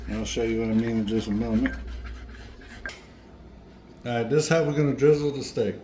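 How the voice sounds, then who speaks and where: A man hosting a home cooking video, talking straight to viewers in an excitable, folksy way during a taste test. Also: mid-range voice, brisk, slight background noise. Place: home kitchen. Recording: echoey kitchen with faint clatter.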